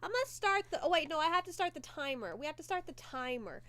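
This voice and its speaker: A woman's voice: sits high, very animated, quick pace, a bit bright. A sick, congested woman chatting casually on a livestream, giggly and joking crudely. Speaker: streamer hosting a movie watchalong.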